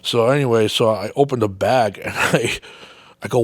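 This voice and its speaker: A man's voice: on the high side, moderate pace, vocal fry, no room sound, studio quality. A man hosting his own podcast, telling a long casual story full of swearing and acted-out reactions. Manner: swears constantly, lively anecdotes with exaggerated quoted reactions. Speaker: podcast host.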